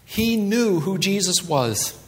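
A man's voice: high voice, lively intonation, slow pace. A man preaching a sermon, retelling a story and acting out its characters. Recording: long hall reverb.

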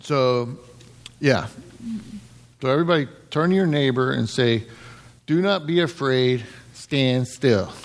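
Man, middle-aged, preacher, gravelly, conversational sermon, playful pitch jumps. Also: measured pace, pauses often, a little hiss or hum. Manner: conversational, laughs often, lively pitch jumps. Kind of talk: casual sermon.

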